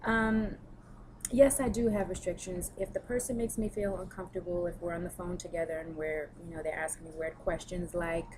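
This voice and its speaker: A woman's voice: fairly low pitch, fairly even intonation, brisk, noisy background. A woman who works as a personal trainer, chatting candidly in a casual vlog as she answers viewer questions. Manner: chatty, candid, storytelling with frequent fillers.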